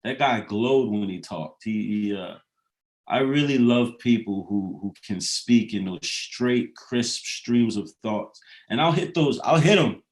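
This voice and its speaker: A man's voice: fairly low pitch, expressive, slow pace. A man who raps talks in a casual, rambling monologue. He swears freely and drifts between loose jokes and philosophical musings, with plenty of fillers along the way. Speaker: rapper.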